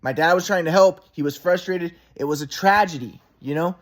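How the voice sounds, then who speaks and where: A man's voice: fairly high pitch, brisk. A man in his thirties in a rambling, repetitive casual monologue, agitated and swearing.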